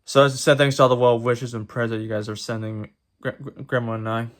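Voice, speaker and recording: A man speaking straight to his viewers in a home vlog, his voice sitting at an ordinary middle pitch. He is tearful and halting, stumbling over and repeating words as he pushes through. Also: level tone. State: tearful, emotional. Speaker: vlogger. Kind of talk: personal vlog talk to camera.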